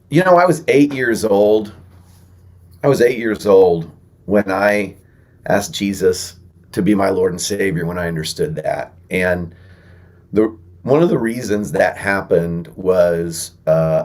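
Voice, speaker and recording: A man with a fairly low voice speaks as a podcast guest. He tells stories in a lively, building way, and he slows to an earnest tone when he gives advice. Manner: animated storyteller, earnest when encouraging. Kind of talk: storytelling interview guest.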